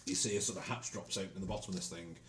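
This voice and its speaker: A man's voice: low-pitched, steady tone, racing, roomy sound, background noise. A man narrating as game master, hesitant, with lots of ums.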